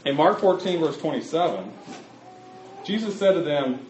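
Animated preacher with a roomy sound. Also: male voice, on the high side, moderate pace, a little hiss or hum. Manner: conversational, addresses the congregation directly. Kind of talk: sermon. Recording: roomy, slightly muffled recording.

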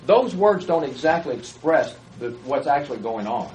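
A man preaches a sermon conversationally, often putting questions to his listeners. His mid-range voice is a little mellow, with lively intonation and a moderate pace, on a rough recording with slight background noise.

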